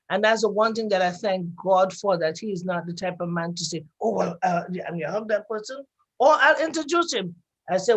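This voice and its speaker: A woman with a fairly high voice shares personal stories on a radio program. She talks with lively energy and slips into the voices of the people she quotes. Her delivery stays animated throughout. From grew up outside Canada.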